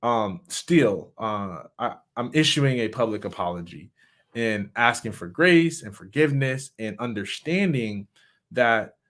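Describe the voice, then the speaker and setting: A middle-aged man talks with a frank, reflective openness. His speech halts and restarts as he gathers his thoughts, the words sincere rather than polished, in a voice of ordinary middle pitch. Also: animated. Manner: candid, halting, with many restarts and soft laughs. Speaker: motivational speaker and suicide survivor. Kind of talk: personal reflective talk.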